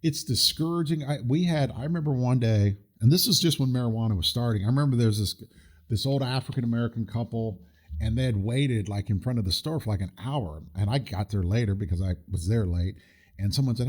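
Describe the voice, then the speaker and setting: A man hosting a casual podcast, telling stories at length with frequent restarts. His tone runs indignant, and his pitch sits in the middle. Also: a little fast. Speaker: podcast host.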